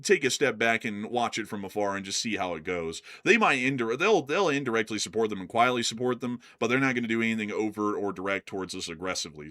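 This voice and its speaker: A man from the United States with a slightly low, somewhat bright voice co-hosts a live stream. He answers viewer questions casually and conversationally, with plenty of fillers and restarts.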